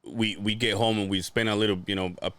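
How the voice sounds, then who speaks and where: A man's voice: fast talker, no room sound. A man co-hosting a podcast, telling stories in casual chat and swearing freely. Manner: animated storyteller, swears freely, acts out quotes in a high voice. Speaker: podcast co-host.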